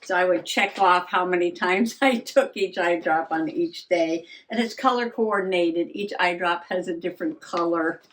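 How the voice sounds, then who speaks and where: A woman's voice: on the low side, moderate pace, few pauses. An older woman vlogging in a rambling, self-mocking way, laughing often and a little out of breath. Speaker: journaling vlogger. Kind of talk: casual chat.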